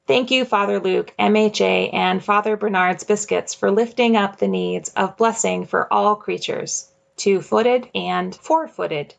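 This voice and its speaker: Gravelly-voiced woman podcast host. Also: mid-range voice, measured pace, few pauses. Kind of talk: scripted faith podcast talk.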